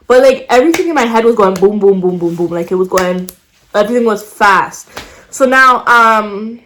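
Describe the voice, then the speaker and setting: A young woman vlogger casually telling a personal story to the camera, with plenty of slang and swearing and an animated way of retelling events. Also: medium pitch.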